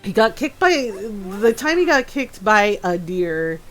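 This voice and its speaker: A woman's voice: mid-range voice, sing-song, takes it slowly, a bit bright, soft background music. A woman streaming a video game, chatting casually and laughing often as she tells stories. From her father's home in Texas. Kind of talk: casual gameplay chat.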